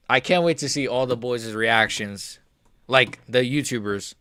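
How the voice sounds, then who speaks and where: A man's voice: mid-range voice, unhurried, sharp tone, clean tone, no room sound. A man hosting a live stream, reacting to a fight in a casual, rambling, profane way.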